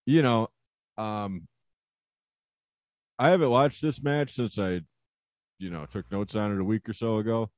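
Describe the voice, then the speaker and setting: A man co-hosting a casual podcast chat, relaxed and rambling with lots of fillers. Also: on the low side, a little slow, long pauses, no room sound. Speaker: podcast co-host. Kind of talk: casual wrestling review chat.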